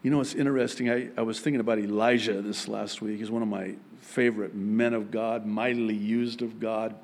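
A man preaching a sermon as pastor, telling the story in an animated way and acting out the voices of the people in it. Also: on the low side, fairly quick, gravelly. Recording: long hall reverb.

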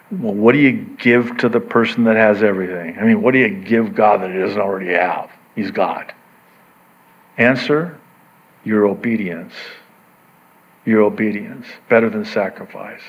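A man's voice: slightly rough, highs cut off. A man preaching a sermon in a conversational way, breaking into quoted voices and making asides to the congregation. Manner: animated, acts out quoted voices with sudden pitch jumps; conversational, self-interrupting with asides. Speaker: pastor.

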